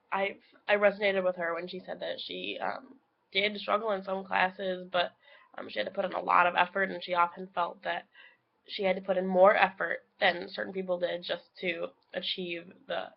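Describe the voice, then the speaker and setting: A woman's voice: mid-range voice, creaky, lo-fi sound. A young woman, a student, talking through a casual video log with a sick voice, hesitant and full of ums. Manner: hesitant, many ums, soft trailing phrases.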